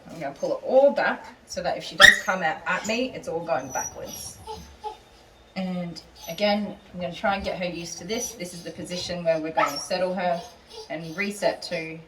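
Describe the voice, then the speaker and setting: A woman dog groomer who calmly explains each step as she works and coos soothingly to the dog. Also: fairly low pitch. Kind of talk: narrating a grooming session on camera. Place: indoor grooming salon. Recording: distant voice with clipper and dog noise.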